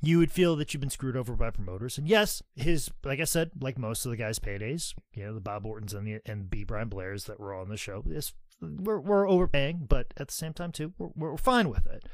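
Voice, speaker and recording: A man's voice: mid-range voice, a little fast, no room sound. A man co-hosting a podcast, telling rambling, profane anecdotes and acting out other people's lines. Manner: acts out others' voices while telling stories. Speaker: podcast co-host. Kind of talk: casual storytelling chat.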